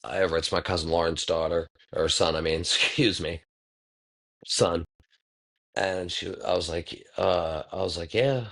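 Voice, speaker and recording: A man's voice: deep voice, steady tone, normal speed, fairly bright tone. A man in his thirties hosting a podcast, talking in a rambling, laid-back way, reflective and full of profanity. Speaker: podcast host. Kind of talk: casual monologue.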